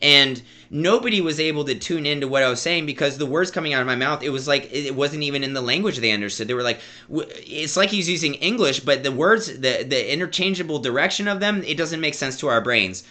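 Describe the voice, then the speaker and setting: Bright-voiced rambling man telling a story. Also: fairly high pitch, animated, fast, hardly any pauses. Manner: rambling, stammers and repeats words, calls viewers "dude". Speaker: vlogger. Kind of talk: casual storytelling vlog.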